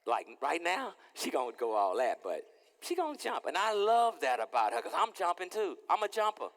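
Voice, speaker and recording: A man preaching as pastor in a lively, playful sermon, acting out little scenes and repeating his words. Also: a little high, moderate pace, in a large hall. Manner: animated, playful, repeats words, acts out dialogue. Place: church sanctuary.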